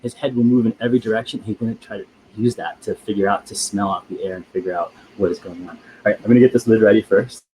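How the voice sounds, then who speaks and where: A man presenting animals on a live educational show, excitable, stammering and often laughing. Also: fairly low pitch, quick pace, slight background noise, poor audio.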